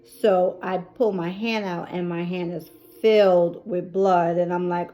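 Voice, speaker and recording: A woman's voice: fairly low pitch, steady tone, measured pace, few pauses, dull audio. A middle-aged woman vlogging about caring for a family member, telling the story in an emotional, chatty way with many fillers. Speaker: caregiver vlogger. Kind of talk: personal storytelling.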